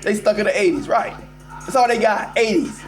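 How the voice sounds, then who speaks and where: With faint music in the background, a high-pitched male host talks fairly quickly during a casual sports rant on his live call-in show. Animated and forceful, he addresses the audience directly as y'all.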